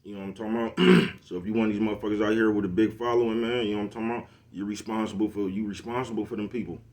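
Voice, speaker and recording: A man's voice: lowish voice, fairly even intonation, racing, a little mellow. A middle-aged man ranting casually to the camera, laid-back and slangy, always asking if you know what he's talking about. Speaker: vlogger hosting his own show.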